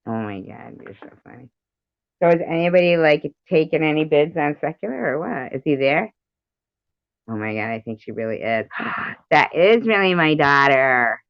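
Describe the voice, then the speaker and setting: A woman's voice: sits low, lively intonation, moderate pace, vocal fry, no room sound. A woman hosting a livestream in casual chat, rambling and laughing often. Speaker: livestream host. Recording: muffled dry livestream audio.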